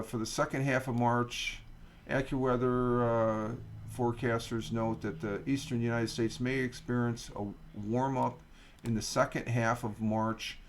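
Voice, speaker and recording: A middle-aged man chats on a morning livestream, reading a news piece aloud and wandering off into asides. His voice is gravelly, pitched in a plain middle range, and he talks into a desk mic at home. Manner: rambling, reads news aloud with asides and fillers. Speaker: livestream host. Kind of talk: casual morning stream chat.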